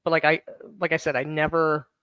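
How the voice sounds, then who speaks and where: Higher-voiced man rambling in casual chat. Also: level tone, smooth, dry recording, muffled recording. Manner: rambling, halting restarts. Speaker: podcast co-host.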